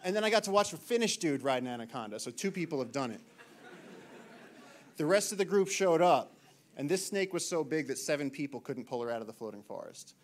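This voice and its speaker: A man in his thirties from the United States, a naturalist giving an animated storytelling talk to an audience in a lecture hall. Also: mid-range voice, fast, few pauses. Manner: animated, acts out shouted quotes.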